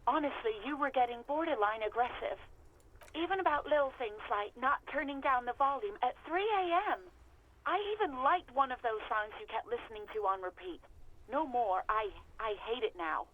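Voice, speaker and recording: A woman's voice: a little high, expressive, normal speed, phone-quality sound, slight background noise, lightly acted. A woman voicing a weary young former hotel clerk who talks bluntly and with exasperation. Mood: exasperated.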